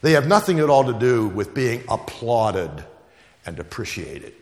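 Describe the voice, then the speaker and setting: A man's voice: medium pitch, sing-song, unhurried, darkish tone, big-room sound. A man preaching a sermon, telling stories and hammering home repeated phrases. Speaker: pastor.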